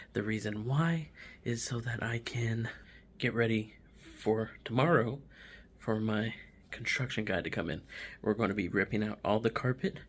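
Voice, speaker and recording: A man's voice: fairly low pitch, breathy edge. A young man, casually touring his home office in a vlog, his breathing audible as he talks.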